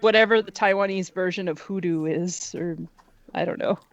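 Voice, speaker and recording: A woman's voice: fairly low pitch, normal speed, muffled recording. A woman guest in a casual stream chat, teasing the host and laughing often.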